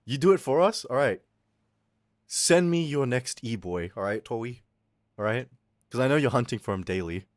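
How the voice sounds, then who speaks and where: A male streamer chatting casually with his viewers, swinging from loud outbursts to low mutters and swearing freely. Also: lively intonation, moderate pace, long pauses, no room sound, clean studio sound. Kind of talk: casual livestream chat with viewers.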